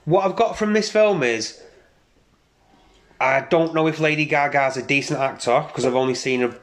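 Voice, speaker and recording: A man co-hosting a podcast, talking about films in a casual, blunt and animated way with plenty of swearing. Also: on the high side, moderate pace. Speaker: podcast co-host. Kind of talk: casual film chat.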